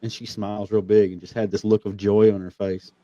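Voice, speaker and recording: A man with a dark, mellow voice shares a personal story in an easygoing conversation, sounding earnest and getting animated as he goes. The audio is a little dull and lo-fi, and the sound is dry and close. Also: on the low side, fairly quick, no room sound. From Missouri. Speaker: podcast host.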